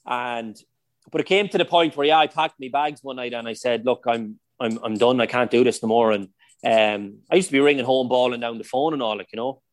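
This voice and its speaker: A man's voice: mid-range voice, a little fast, no echo. Chatty Irish man telling stories. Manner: chatty, anecdotal, lots of "like" and "you know". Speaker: podcast guest, former footballer. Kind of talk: casual storytelling interview.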